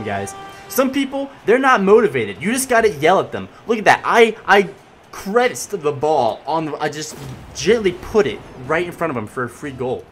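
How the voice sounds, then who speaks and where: A young man giving casual gameplay commentary as he plays, excitable and swinging between loud yelling and mumbled asides. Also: on the high side, moderate pace, soft background music. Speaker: gaming commentator.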